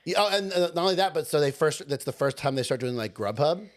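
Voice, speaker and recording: A man's voice: on the high side, lively intonation, quick pace. A young man co-hosting a podcast in casual chat, teasing his co-host with dry humor.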